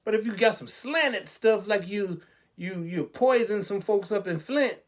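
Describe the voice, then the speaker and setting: A man's voice: high-pitched, measured pace. A man hosting a web talk show, speaking in a sarcastic, preachy way that is full of rhetorical questions.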